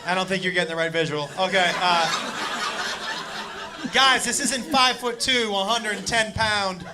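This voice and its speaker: Man, stand-up comedian, excitable, swearing, noisy live club recording. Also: high-pitched, normal speed. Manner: loud, profane, excitable storytelling to a crowd. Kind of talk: stand-up storytelling. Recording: live stand-up clip with audience laughter and noise. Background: audience laughing.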